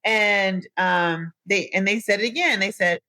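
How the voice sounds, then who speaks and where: This young woman from the US Midwest runs a solo podcast, speaking in a mid-range voice at an unhurried pace with hardly any pauses. The recording is dry, and her chatty, animated stories about her life are addressed to "y'all."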